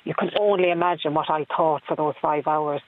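A woman's voice: sits low, fairly even intonation, a little fast. A woman calling in to a radio show, telling her story earnestly and hesitantly, with many ums. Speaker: caller. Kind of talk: radio phone-in. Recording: phone line on radio.

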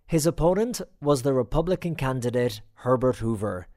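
A man's voice: medium pitch, lively intonation, moderate pace, dark tone. Male narrator, mid-range voice, scripted documentary reads. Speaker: host and narrator.

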